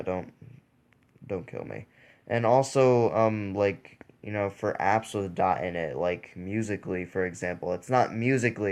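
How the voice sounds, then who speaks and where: A man's voice: low voice, clean tone. A young man hosting a mobile gaming channel, rambling in casual gameplay commentary with lots of fillers and restarts.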